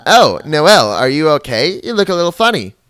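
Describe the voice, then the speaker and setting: A player voicing a pompous computer queen from a game, in a booming, theatrical, strained high voice. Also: very animated, fairly quick, a bit bright, no room sound, studio quality. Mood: imperious.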